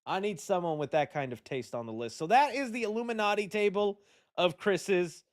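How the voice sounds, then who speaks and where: A man's voice: high voice, normal speed, faint music behind. A young man hosting a live stream in casual chat, joking and answering chat questions. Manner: animated and joking, reads chat aloud. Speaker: host.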